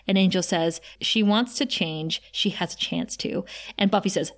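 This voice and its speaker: A woman co-hosting a podcast, recapping an episode in casual chat with animated, giggly asides. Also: on the low side, normal speed. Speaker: podcast co-host.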